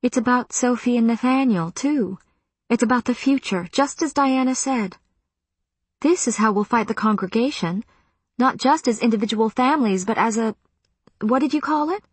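A woman voicing an anxious older witch who strains to stay calm. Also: on the high side, moderate pace, husky, dry recording, voice pushed up. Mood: urgent.

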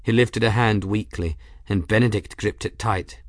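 A man with a low voice reads a fantasy novel aloud at a steady, measured pace. The recording is close and dry with no room sound. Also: no room sound. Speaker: audiobook narrator. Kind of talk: scripted narration.

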